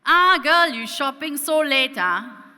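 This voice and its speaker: A blunt older Singaporean taxi uncle, put on by a woman on stage, talks in clipped lecturing bursts with a Singaporean English accent. The voice rings bright and loud. It echoes with a long reverb through a conference hall. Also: very high voice, lively intonation, takes it slowly, voice pushed up, full character voice. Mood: teasing.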